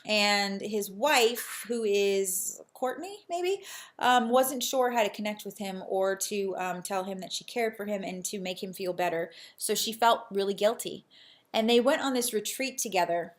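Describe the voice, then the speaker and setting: An earnest young woman shares what she has learned in a casual personal vlog. Her voice sits at an ordinary middle pitch. She circles back and restarts her sentences as she thinks aloud. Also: a little slow. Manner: earnest, reflective, many restarts. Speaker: real estate agent and vlogger.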